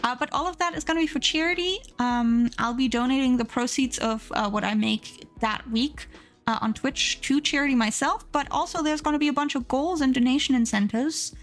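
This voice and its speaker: Chatty woman streamer, slightly high. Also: a little fast. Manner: chatty, rambling with many fillers. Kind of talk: casual chat while drawing.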